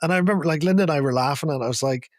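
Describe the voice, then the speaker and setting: A man's voice: a little high, racing, dry recording, studio quality. Man telling a funny story with laughs. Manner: animated, laughing while telling stories. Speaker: podcast co-host. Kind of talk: casual storytelling chat.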